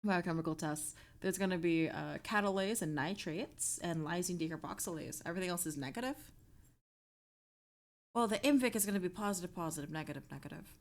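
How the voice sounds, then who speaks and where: A young woman with a lowish voice speaks briskly while streaming a study session. She reads her notes aloud with many fillers and self-corrections, then breaks off to react playfully and joke with her chat.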